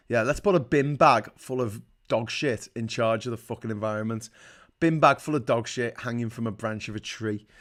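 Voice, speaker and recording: His voice is mid-range and slightly bright, carrying a Scouse accent. He's a livestream host casually reading viewer comments out loud and reacting with blunt, rambling remarks peppered with swearing.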